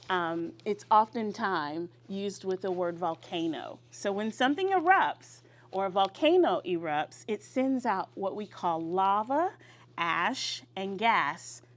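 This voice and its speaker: A woman teacher leading young children through a vocabulary lesson in a classroom, with call-and-response and drawn-out words. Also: medium pitch, expressive.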